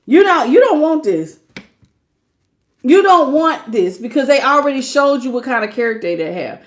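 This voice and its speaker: Woman tarot reader, high voice, slangy and laughing, acts out quotes. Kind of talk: live tarot reading stream.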